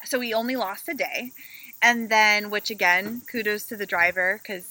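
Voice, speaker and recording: A woman co-hosting a casual travel podcast, telling stories with animated energy and acting out what people said. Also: mid-range voice, moderate pace, poor audio. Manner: animated storyteller, acts out quotes. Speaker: podcast co-host.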